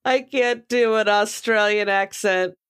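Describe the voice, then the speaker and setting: A woman's voice: medium pitch, fairly even intonation, fairly bright tone, clear, resonant tone. Young woman cohost, drags her words out playfully, laughs a lot. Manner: drawn-out, playful, laughs often. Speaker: podcast co-host. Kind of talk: casual chat.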